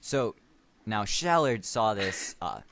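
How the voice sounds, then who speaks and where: A young man co-hosting a casual podcast, carrying an improvised story forward with playful, deadpan teasing. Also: fairly low pitch, slow, creaky, slight background noise. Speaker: podcast co-host.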